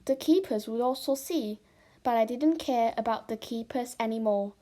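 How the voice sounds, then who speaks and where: A woman reading a children's novel aloud with slow, expressive storytelling. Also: on the high side. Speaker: storybook reader.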